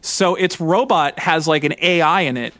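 A man in his thirties co-hosting a podcast, chatting excitedly and rambling with lots of fillers. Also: a little high, normal speed, dry recording. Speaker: podcast co-host. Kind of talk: casual chat.

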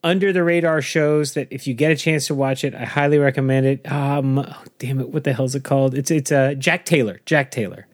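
A man's voice: medium pitch, brisk, few pauses. A man co-hosting a casual chat who gives blunt, emphatic opinions. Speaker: podcast co-host.

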